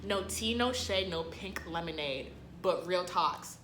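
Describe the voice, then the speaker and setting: A young woman telling a storytime vlog in a sassy, dramatic way, with sudden loud outbursts. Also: lowish voice, measured pace, noisy background. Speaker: vlogger. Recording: echoey room.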